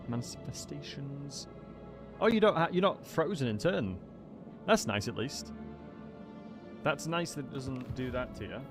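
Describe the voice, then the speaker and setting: A relaxed English man with a non-southern accent commentates on a live game stream in a loose, chatty way. His pitch sits in a middling range, and steady music plays behind him. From England. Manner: chatty, greets chat viewers by name. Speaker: gaming livestreamer.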